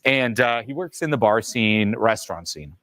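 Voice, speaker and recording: A man coaching on social skills, telling stories in a lively, expressive way. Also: normal speed, no echo, clean studio sound. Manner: lively, expressive, swings in pitch. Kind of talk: animated storytelling advice.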